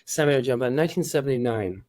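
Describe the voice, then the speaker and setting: A man in his forties from Iran, a guest in a casual interview, talking in halting starts with lots of restarts. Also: medium pitch, animated, a little mellow, dry recording. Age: 40s.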